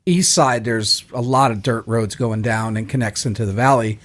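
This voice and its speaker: A man's voice: medium pitch, moderate pace. A man co-hosting a podcast, explaining things in casual chat with frequent restarts. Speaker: podcast co-host.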